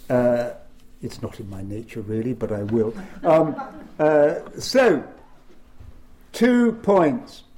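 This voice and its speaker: A man speaking on constitutional law at a panel, emphatic and lively, with frequent fillers. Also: medium pitch. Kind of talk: lecture-style panel talk.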